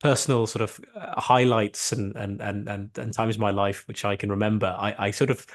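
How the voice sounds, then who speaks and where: A man's voice: lowish voice, steady tone, brisk. A man in his thirties co-hosting a casual podcast, teasing his friend in friendly banter and laughing easily. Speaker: podcast co-host.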